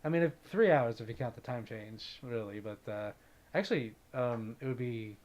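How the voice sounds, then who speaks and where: A man's voice: medium pitch, normal speed, darkish tone, dull audio. A man hosting a casual livestream, chatting and reading viewer comments aloud in an upbeat way, greeting viewers by name. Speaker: livestream host.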